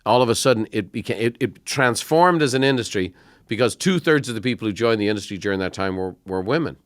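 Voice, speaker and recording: A man's voice: on the low side, lively intonation, fast talker, no echo, clean studio sound. Middle-aged man hosting a podcast chat. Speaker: podcast host. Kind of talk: conversational interview.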